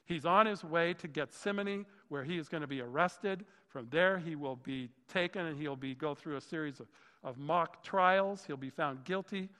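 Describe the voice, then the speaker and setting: Enthusiastic pastor preaching in a reverberant hall. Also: male voice, on the high side, moderate pace, bright, forceful tone. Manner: enthusiastic, exclaiming in wonder. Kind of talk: sermon. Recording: long reverb of a large hall.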